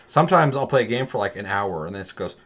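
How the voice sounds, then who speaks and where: A man with a lowish voice in loose, casual conversation. He talks with lively energy, swears often and drops into quick mock voices as he tells his stories. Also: slight background noise. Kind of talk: casual chat.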